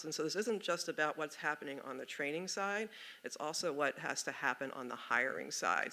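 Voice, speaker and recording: A man speaking as a policy panelist, measured and articulate with occasional fillers. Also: on the high side, bright, forceful tone. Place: conference meeting room.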